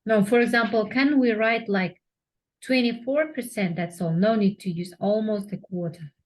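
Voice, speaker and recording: A woman's voice: medium pitch, moderate pace, darkish tone. A woman taking a one-on-one English lesson as the student, asking short questions to check her understanding.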